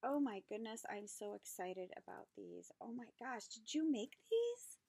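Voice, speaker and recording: Woman craft vlogger, slightly high, dry close sound, gushing unboxing delight. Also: big pitch swings, a little slow, creaky, husky, no room sound. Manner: gushing and delighted, with gasps and soft whispered asides. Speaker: craft channel host. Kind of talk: unboxing craft mail, casual chat.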